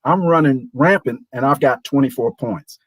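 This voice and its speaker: A man in his sixties, a show guest, telling a lively anecdote and acting out the voices of people in it. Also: medium pitch, normal speed, no room sound, rough recording. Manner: animated, acts out quoted voices. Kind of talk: storytelling anecdote.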